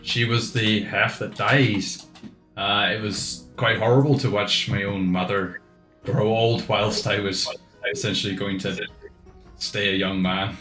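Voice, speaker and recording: Man doing a young half-elf man, Irish accent, rambling, restarts, lowish voice, roomy echo. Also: fairly even intonation, a little slow, a bit bright, faint music behind. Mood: somber. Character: half-elf male innkeeper's son, young, chatty.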